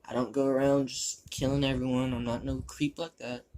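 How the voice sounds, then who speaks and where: A man's voice: medium pitch, flat delivery, moderate pace, darkish tone, natural voice. A man playing a crude, boastful spider demon. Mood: boastful rambling. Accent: shifting put-on British-style accent. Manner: rambling, crude, gleeful about violence. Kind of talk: fan fiction character monologue.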